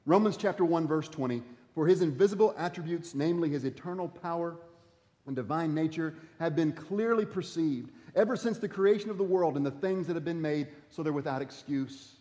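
A man preaching a sermon, swinging between loud emphasis and quiet, intense passages. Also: fairly high pitch, a little fast. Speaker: pastor. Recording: dull sound with long hall reverb.

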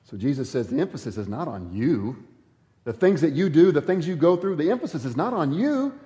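A man's voice: big pitch swings, fairly quick, warm tone, big-room sound, dull audio. A man preaching a sermon as pastor, emphatic, rising and falling sharply as he reads scripture and drives home his points. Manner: emphatic preaching with dramatic swings in pitch and volume.

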